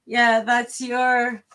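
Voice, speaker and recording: A woman's voice: on the high side, fairly bright tone, slight background noise. A woman giving a live tarot reading to viewers, hesitant and rambling, with many fillers and restarts, chatty and friendly. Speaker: tarot reader.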